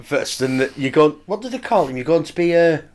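A man's voice: fairly high pitch, animated, fairly quick, crowd noise. A man, co-hosting a casual podcast chat about a TV episode, laid-back and hesitant, often trailing off mid-sentence. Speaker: podcast co-host.

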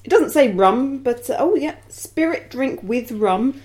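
Female podcast co-host from England, slightly high voice, relaxed dry humour. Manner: easygoing, dry, reads labels aloud slowly. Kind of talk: casual chat.

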